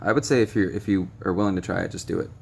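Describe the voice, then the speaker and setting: Stray tapping and beeping fill the noisy room as a young man vlogs casually about recovery, speaking bluntly with swearing and many ums. His gravelly, low voice comes out rapid-fire, and there's a slight hiss or hum on the audio.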